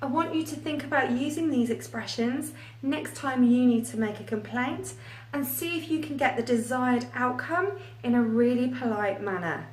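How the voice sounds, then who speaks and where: A woman teaching an English lesson, reading out example phrases slowly and carefully. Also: sits high. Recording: echoey room, voice a little far from the mic.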